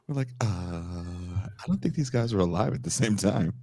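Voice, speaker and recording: Male podcast host, casual chat, animated and loud, very lively pitch. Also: moderate pace, no room sound. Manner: loud, animated, laughing, swearing.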